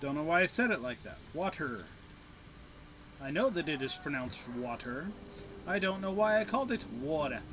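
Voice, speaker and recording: A man's voice: fairly high pitch, sing-song, moderate pace, background noise. A man giving casual, playful commentary while he plays a game, chatting to himself as he goes. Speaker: gameplay commentator. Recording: game music playing behind.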